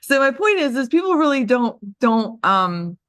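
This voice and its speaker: A woman's voice: high-pitched, sing-song, moderate pace, a bit bright, dry recording, clean studio sound. An older woman who hosts a group call and gives a casual motivational talk, chatty and laughing at herself.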